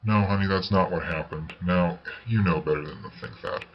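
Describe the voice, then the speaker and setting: A man reading a storybook voices a kind old grandmother who speaks calmly and gently. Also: low voice, moderate pace, lo-fi sound. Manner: calm, gentle, soothing. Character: kindly old grandmother who does conjuring.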